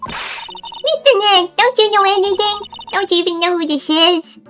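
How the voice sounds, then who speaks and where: A woman voicing an excitable, shy little girl acolyte in a game read-aloud, stammering eagerly. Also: very high-pitched, a little slow, soft background music, pitched above the performer's own voice.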